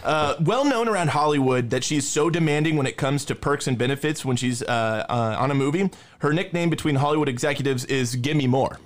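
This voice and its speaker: Higher-voiced man reading film credits. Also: fairly quick, hardly any pauses. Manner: reads lists of film credits, laughs often. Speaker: podcast co-host. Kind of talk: casual movie chat.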